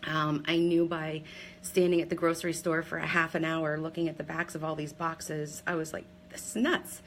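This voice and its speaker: Speaking at a moderate pace with a low-pitched, flat delivery, a Pennsylvania woman in her forties tells her story as a direct seller on a live video. She's candid and chatty, using many ums and laughing at herself, and the rough recording has slight hiss or hum.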